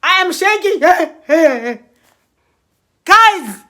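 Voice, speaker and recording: A middle-aged woman telling a story in an animated storytime vlog, dramatic and expressive, acting out explosion sounds as she goes. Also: very high voice, extremely slow.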